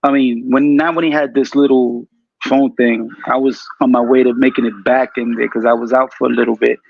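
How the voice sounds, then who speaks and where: A man's voice: medium pitch, flat delivery, a little fast, vocal fry, dry recording. A man talking as a guest in a casual, laid-back way. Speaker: guest, former member. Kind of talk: casual conversation. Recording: dull lo-fi audio.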